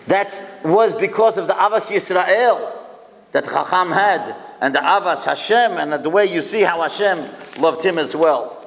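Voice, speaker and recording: Speaking expressively at a normal pace, a male rabbi recounts a story to a gathered audience, drawing them in with rhetorical questions and dropping Hebrew and Yiddish terms. His fairly high voice echoes with a long hall reverb.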